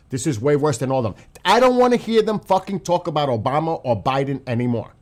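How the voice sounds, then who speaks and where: A man's voice: a little high, expressive, quick pace, few pauses. A man delivering an angry, profane political rant as a channel host, repeating himself for emphasis and saying how upset he is. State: upset and livid.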